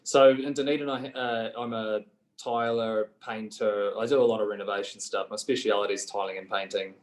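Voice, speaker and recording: A man with a New Zealand accent, a guest telling his story in a relaxed way with many fillers. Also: fairly low pitch, fairly quick, low-quality recording. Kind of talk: casual interview.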